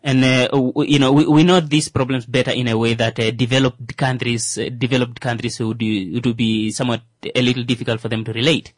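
Man talking on a podcast, lots of uh and you know, medium pitch, dry close sound. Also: flat delivery, fairly quick, hardly any pauses, no echo. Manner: hesitant, many fillers and restarts. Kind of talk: casual discussion.

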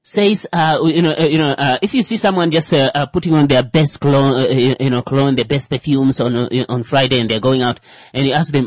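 A woman's voice: rumbling low, steady tone, a little fast, darkish tone, no echo. A woman talking in a rambling, casual monologue, full of fillers, who acts out little quoted exchanges.

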